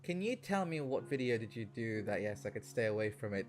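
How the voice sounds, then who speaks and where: A young man, chatting casually on a gaming stream, telling animated stories, swearing and laughing. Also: fairly low pitch, fairly quick, few pauses. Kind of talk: casual chat while gaming. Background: faint background music.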